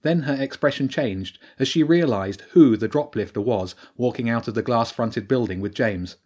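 A man narrating an audiobook in a calm, even storytelling manner. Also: medium pitch, moderate pace.

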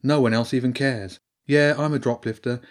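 A man voicing a defiant older teenage girl in an audiobook, talking sharp and dismissive. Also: mid-range voice, steady tone, moderate pace, close to an everyday voice.

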